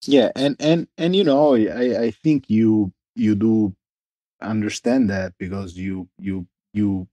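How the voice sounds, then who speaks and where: A man being interviewed about the brand he founded, talking casually and haltingly, often restarting as he searches for words. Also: fairly low pitch, dark tone, no room sound, dull audio. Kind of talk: casual conversation.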